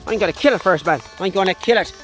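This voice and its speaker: A man voicing his excitable young male dog with a brash, foul-mouthed Irish accent, filmed on a phone outdoors on a farm. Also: sits high, fast talker, soft background music, lightly acted. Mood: cocky. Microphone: handheld phone.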